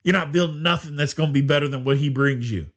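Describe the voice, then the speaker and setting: A man hosting a casual sports podcast, talking in an animated, exasperated way and laughing often. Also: fairly high pitch, quick pace. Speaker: podcast host.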